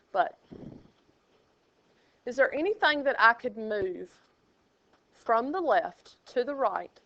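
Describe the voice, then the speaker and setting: A woman's voice: a little high, bright, forceful tone, clear, resonant tone, no echo. Playful woman teaching math. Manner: playful, sing-song asides. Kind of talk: classroom lecture. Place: classroom. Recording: dull lo-fi classroom recording.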